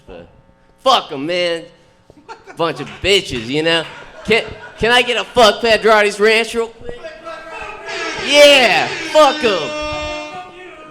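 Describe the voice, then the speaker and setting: A man's voice: a little high, fairly bright tone, clean tone. A man performing a stand-up set in a comedy club, telling crude stories with lots of swearing. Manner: profane, brash storytelling with crude punchlines.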